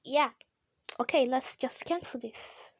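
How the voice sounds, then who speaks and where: A high-pitched woman with talks through a mobile game in an unhurried way, breaking into gasps and shrieks whenever things get close. Her voice sits dry and close, with no room sound around it. It is casual gameplay chatter. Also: no room sound. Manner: excitable, gasping and shrieking at close calls. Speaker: gamer.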